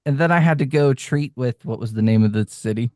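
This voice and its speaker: A man playing a tabletop role-playing game, speaking in a hesitant, stammering, halting way. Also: mid-range voice, warm tone, dry recording, clean studio sound. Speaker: player. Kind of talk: in-character tabletop role-play.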